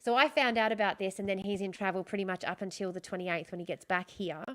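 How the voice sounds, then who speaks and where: A woman's voice: medium pitch, steady tone, quick pace, fairly bright tone. An Australian woman hosting a livestream, frankly retelling a personal story in long run-on sentences and repeating herself for emphasis. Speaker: streamer host.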